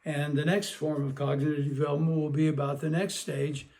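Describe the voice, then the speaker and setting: A man giving an educational talk on child development, lively and acting out playful exchanges with children. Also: fairly high pitch, a little fast, gravelly. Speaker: parenting expert.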